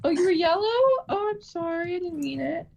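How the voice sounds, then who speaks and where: A woman's voice: extremely high pitch, brisk, gravelly. A woman streaming, chatting and teasing her friends in a chatty way while gaming. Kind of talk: casual gaming chat with friends. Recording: faint noise with keyboard clicks.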